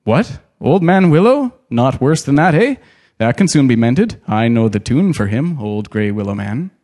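A man's voice: medium pitch, big pitch swings, normal speed, a little mellow, lightly acted. A man voicing a jolly, carefree old forest spirit with a rustic, sing-song way of speaking in a storybook reading. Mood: hearty.

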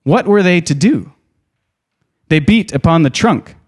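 A man reading a novel aloud in an expressive, dramatic way, pausing to add his own comments. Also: on the high side. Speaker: storyteller.

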